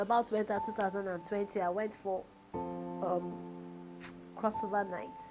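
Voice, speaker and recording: A woman's voice: mid-range voice, low-quality recording. A Nigerian woman in her forties, a reality show contestant, tearfully pouring out her hardships in a confessional. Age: 40s. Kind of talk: emotional confessional talk. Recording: music bed underneath.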